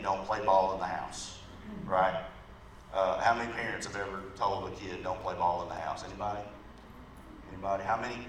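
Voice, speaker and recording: A man with a lowish voice preaches to a congregation, easygoing and conversational. He's picked up from a distance in a reverberant sanctuary with a faint hiss behind him. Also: fairly bright tone. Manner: conversational, often asks "right?" of the congregation. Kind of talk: sermon with a storytelling illustration. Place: church sanctuary. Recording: echoey room from far off, faint background noise.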